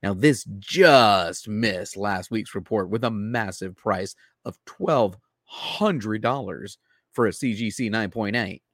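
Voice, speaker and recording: An upbeat man co-hosting a live show. His voice sits on the low side. The sound is dry and close to the mic. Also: takes it slowly, a bit bright, no room sound. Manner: upbeat, reads collectible listings. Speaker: co-host. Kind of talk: casual live-stream chat.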